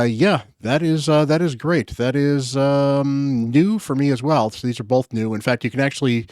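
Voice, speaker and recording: A man's voice: mid-range voice, darkish tone, no room sound, clean studio sound. A man hosting his gaming channel, chatting casually through his summon pulls in an upbeat way with frequent fillers. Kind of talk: casual gacha summon commentary.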